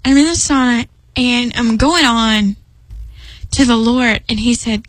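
Earnest woman with a high, dry voice. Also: measured pace, no room sound, rough recording. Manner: earnest, emphatic, rambling with restarts. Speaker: Christian speaker. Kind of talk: personal devotional talk.

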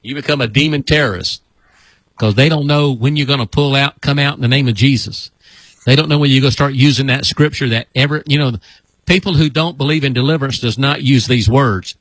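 A man's voice: mid-range voice, fairly quick, a bit bright, no echo, low-quality recording. Man commanding demons out, dry close sound. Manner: repetitive commanding exorcism chants; folksy rambling with restarts. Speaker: deliverance minister. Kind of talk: preaching on an internet broadcast.

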